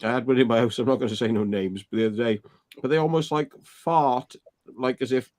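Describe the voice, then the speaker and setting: A man's voice: mid-range voice, brisk, darkish tone, no echo. A man co-hosting a livestream chat, telling crude stories in a rambling way with lots of fillers. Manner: rambling, full of fillers and swearing. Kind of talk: casual anecdote-telling chat.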